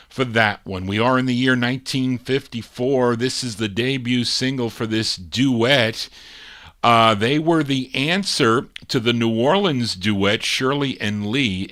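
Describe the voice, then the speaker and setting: A man's voice: medium pitch, a bit bright. A man hosting a live vinyl record show, chatting casually between songs, musing aloud and correcting himself.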